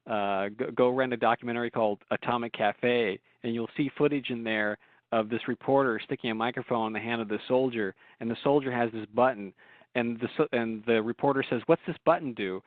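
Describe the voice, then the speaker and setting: A man's voice: mid-range voice, fairly even intonation, brisk, no room sound. A man in a casual radio talk, telling long rambling stories with restarts and laughs. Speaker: guest author. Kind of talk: casual storytelling on a call-in show. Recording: phone line.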